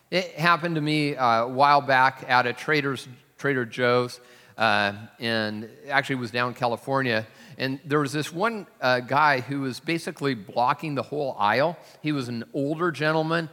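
A male pastor gives a sermon, telling stories in an easygoing, conversational way and poking fun at himself. His voice is bright and forward, and it rings out with a long echo through a church hall. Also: medium pitch. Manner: conversational storytelling with self-deprecating humor.

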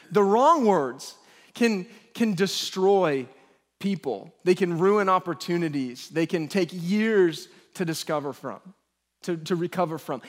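A man in his thirties delivers a sermon with a high, light voice. He tells funny, self-mocking stories and acts out the voices of the people in them. The sound rings with the long reverb of a large hall. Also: fairly bright tone. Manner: humorous storytelling, acts out quoted voices. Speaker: pastor.

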